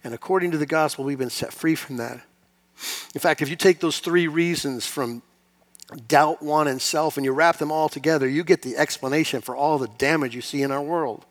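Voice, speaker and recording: A middle-aged male pastor delivering a sermon in a church sanctuary, his voice pitched a little high for a man. He talks to the congregation in a conversational way with touches of self-deprecating humor. His delivery swings from loud, emphatic peaks down to quiet, almost confiding asides. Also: fairly quick.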